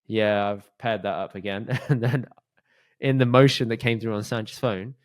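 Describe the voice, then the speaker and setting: A man's voice: lowish voice, steady tone, normal speed, no echo, studio quality. A man co-hosting a podcast, telling self-mocking stories in casual chat and laughing often. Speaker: podcast co-host.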